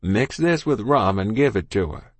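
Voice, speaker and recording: A man voicing a kindly doctor who speaks in a gentle, low, firm way. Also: animated, normal speed, no echo. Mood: regretful. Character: kindly, regretful male doctor.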